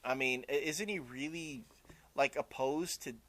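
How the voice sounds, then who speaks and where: A man's voice: mid-range voice, a little slow, sharp tone. A man co-hosting a casual chat show, opinionated and rambling, with lots of fillers. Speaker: co-host.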